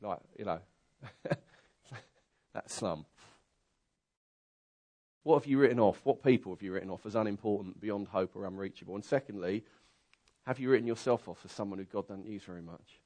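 A man preaching a conversational sermon, telling a story that swings from quiet asides to loud, excited bursts. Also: fairly low pitch, normal speed, long pauses.

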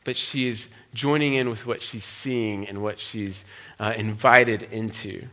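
A man in his thirties, a pastor and missionary, telling a personal testimony to a church with a relaxed, chatty delivery full of fillers and restarts. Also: on the low side, measured pace. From United States. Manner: conversational storytelling, frequent fillers and restarts.

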